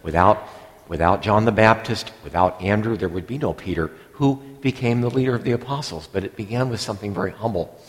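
A middle-aged priest preaches with a rather low voice, chatty and digressive, now and then acting out the words of the people in his story. His voice rings with the long reverb of a church hall. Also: a little fast. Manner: conversational, digressive, acts out quoted lines. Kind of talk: sermon.

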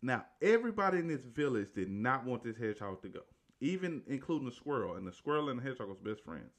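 A man's voice: medium pitch, very animated, quick pace. A man casually retelling a movie's story, rambling along with restarts, self-corrections and "right?" tags.

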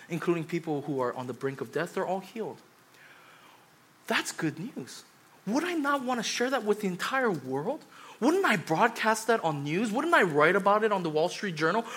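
A man in his thirties, a pastor giving a sermon, telling stories in a chatty way and rising to loud urgent pleading. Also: high-pitched, sing-song, brisk, slightly rough. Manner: conversational preaching, swings from quiet storytelling to loud urgent pleading.

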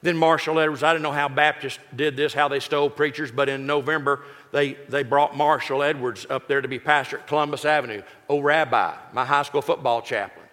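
A man's voice: on the high side, brisk, few pauses. A man, telling a folksy, joking personal story in a sermon. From Texas. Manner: folksy, joking, lively delivery. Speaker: pastor. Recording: echoey hall reverb.

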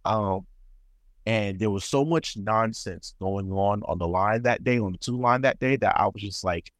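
A man co-hosting a casual podcast, telling a work story with animated, swear-laced reenactments. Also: normal speed, no room sound, studio quality. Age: adult, calls himself too old for that. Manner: animated, acts out quotes with sharp pitch jumps, swears freely. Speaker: podcast co-host.

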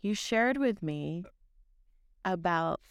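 A woman's voice: lowish voice, lively intonation, slow pace, clear, resonant tone, dry recording, clean studio sound. A woman co-hosting a podcast, chatting and bantering playfully. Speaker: co-host. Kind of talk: podcast chat.

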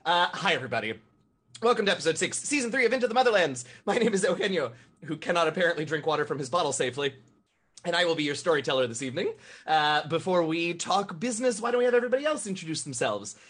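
Hoarse, lively-voiced male game master. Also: a little high, fast. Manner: joking, self-deprecating. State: hoarse from choking on water. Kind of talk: casual live-stream chat.

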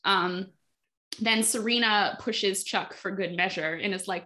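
Casting note: bright, talkative woman, podcast host, casual recap, quotes characters in passing. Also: medium pitch, unhurried. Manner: chatty, frequent fillers, acts out quotes. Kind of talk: casual chat.

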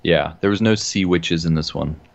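Man, extremely deep voice, relaxed film chat, thoughtful, dull lo-fi recording. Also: moderate pace. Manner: relaxed, thoughtful, many fillers. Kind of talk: casual film review chat. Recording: dull lo-fi sound.

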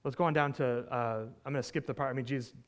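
A man preaching a conversational sermon, retelling a scripture story with animated asides and frequent "right?" check-ins. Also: mid-range voice, fast talker. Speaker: pastor.

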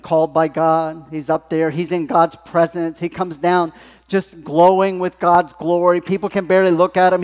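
A male pastor delivers a sermon in a chatty, storytelling way. His voice sits somewhat high for a man. A long church reverb trails after his words. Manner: conversational, animated storytelling. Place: church sanctuary.

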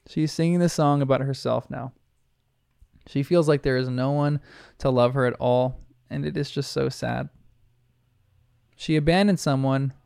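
A man's voice: medium pitch, gravelly, smooth, no room sound, clean studio sound. A man giving an earnest, reflective episode recap commentary as a show reviewer. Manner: earnest, reflective retelling with soft laughs.

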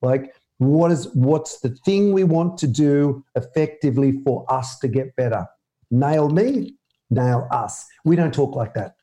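A man, a mindset coach answering interview questions in an energetic, emphatic way. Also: medium pitch. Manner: energetic, emphatic, animated with quick bursts.

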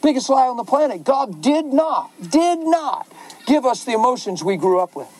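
A man's voice: very high voice, very animated, normal speed, a little mellow, poor audio. A man pastor answering questions in a passionate, emotional preaching style.

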